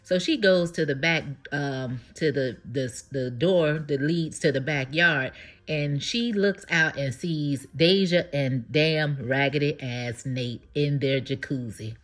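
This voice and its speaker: A woman hosting a casual recap of a TV episode, animated and slangy, often breaking into laughter. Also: low-pitched, takes it slowly. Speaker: TV show recap host.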